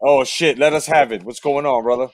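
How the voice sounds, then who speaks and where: A man's voice: mid-range voice, brisk, a little hiss or hum. A man hosting a call-in show, moving callers along with brief, laid-back remarks. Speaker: show host.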